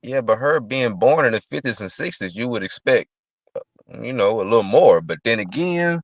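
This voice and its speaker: A man's voice: mid-range voice, expressive, moderate pace, no echo. A man co-hosting a casual gossip stream, laid-back, making short comments and filling with "you know".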